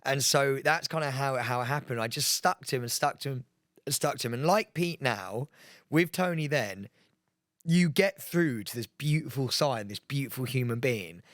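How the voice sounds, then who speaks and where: A man's voice: medium pitch, moderate pace, a bit bright, no echo, studio quality. A man co-hosting a podcast, telling stories with lots of energy, laughing and acting out what others said. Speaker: podcast co-host. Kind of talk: excited anecdote telling.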